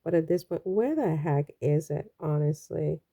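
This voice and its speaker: A woman's voice: sits low, moderate pace, dark tone. A woman from the Caribbean giving casual, chatty and rambling commentary on a vlog, with frequent exclamations. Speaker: royal news vlogger.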